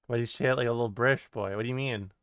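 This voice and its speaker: A man streaming and reading chat aloud, joking, laughing and swearing in quick casual banter. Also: medium pitch, fairly even intonation, fairly bright tone, clear, resonant tone, no room sound.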